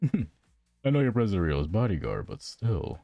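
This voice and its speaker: A courteous, scheming schoolgirl agent from a game, read aloud by a man in his low natural voice. The delivery is lively and rises and falls freely, recorded dry with faint music underneath. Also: a little slow, gravelly, no echo, lo-fi sound, full character voice. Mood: taunting. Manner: reading game dialogue aloud. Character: polite scheming teenage girl agent.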